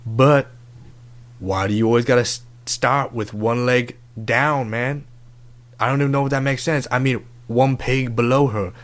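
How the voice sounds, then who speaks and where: A brash, crude love-advice doctor, put on by a young man for a comedic podcast bit. He talks in swaggering, profane slang at an ordinary middle pitch. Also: steady tone, moderate pace, lightly acted.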